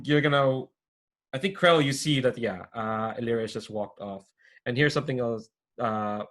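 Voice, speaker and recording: A man's voice: medium pitch, fairly bright tone. A man narrating as game master of a tabletop role-play game in a casual, rambling way with many restarts. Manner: rambling, full of fillers and restarts.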